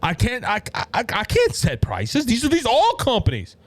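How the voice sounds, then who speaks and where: A man's voice: wildly swooping pitch, normal speed, dry recording, exaggerated voice. A man putting on a mocking impression of an elderly male president, folksy and evasive in tone. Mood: whiny. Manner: exaggerated, mocking impression with higher pitch.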